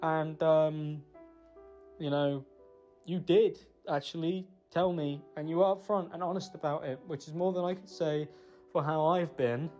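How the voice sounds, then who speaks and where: A man giving an emotional, halting spoken apology. He blames himself, pauses often and restarts his sentences. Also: on the high side, fairly even intonation, mellow, lo-fi sound, faint music behind. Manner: halting, self-blaming, full of pauses and restarts. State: emotional, choked up. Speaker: person recording a personal apology.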